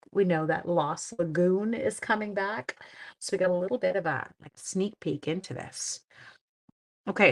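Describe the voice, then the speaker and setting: A middle-aged woman hosting a casual craft live stream, chatting to viewers and greeting them by name as she works. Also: fairly low pitch. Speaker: stamping demonstrator and live stream host.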